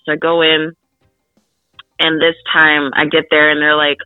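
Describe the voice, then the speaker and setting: A young woman from the Philadelphia suburbs, an actress guest telling an animated story full of fillers in an interview. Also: low-pitched, moderate pace, pauses often, smooth, no room sound, faint music behind. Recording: tinny phone-line radio, dry.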